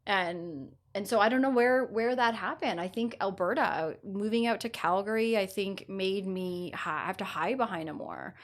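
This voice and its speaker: A woman's voice: mid-range voice, normal speed, hardly any pauses. Woman telling a candid personal story. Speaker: podcast guest. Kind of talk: casual podcast chat.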